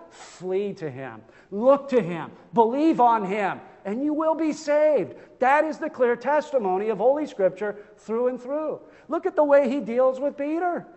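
Male pastor, high voice, fervent sermon delivery, reverberant sanctuary. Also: darkish tone. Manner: impassioned preaching with rhetorical questions and repetition.

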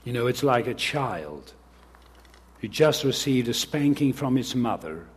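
A man's voice: medium pitch, breathy edge. A man preaching an earnest sermon as pastor, reading scripture and speaking directly to the children.

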